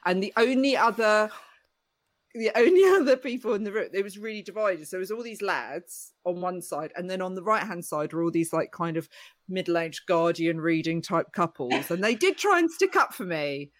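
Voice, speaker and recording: A woman comedian telling a story in casual chat, jumping up high and squeaky whenever she acts out what people said. The sound is dry and close, with no room behind her. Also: expressive, moderate pace, no echo. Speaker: comedian guest.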